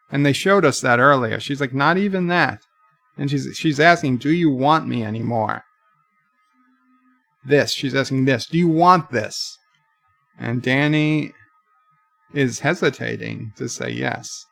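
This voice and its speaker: A man recapping a TV episode live, retelling the dialogue slowly with occasional comments of his own. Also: mid-range voice, vocal fry, a bit bright, no room sound. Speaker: video reviewer. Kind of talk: live watch-along recap.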